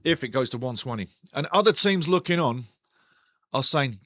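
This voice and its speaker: A man with a mid-range, fairly bright voice speaks at a moderate pace with lively intonation. He's hosting a live watch-along of a match, passionately commenting on the play and ranting indignantly straight to his chat. The recording is dry and studio quality.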